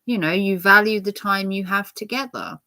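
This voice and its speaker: A woman's voice: medium pitch, moderate pace, sharp tone. A middle-aged woman chatting casually to her viewers, rambling with lots of fillers and restarts. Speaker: channel host.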